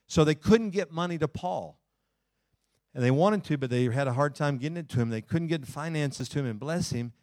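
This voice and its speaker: A man preaching a sermon in church, folksy, climbing loud and then slowing down low to read scripture. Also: no echo, clean studio sound. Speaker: pastor.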